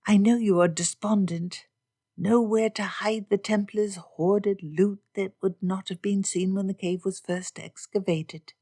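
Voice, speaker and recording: A woman's voice: medium pitch, steady tone, unhurried, warm tone, no echo, clean studio sound. A woman reading an audiobook, voicing a witty young woman who talks in a playful, teasing way. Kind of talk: audiobook character voice.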